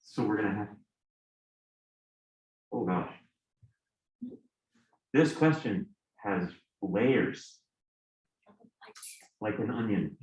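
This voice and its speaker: A man's voice: fairly low pitch, animated, very slow, pauses often, a little mellow, dull audio. A male physics professor lecturing a class, candid and joking, with exasperated asides. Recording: roomy classroom echo.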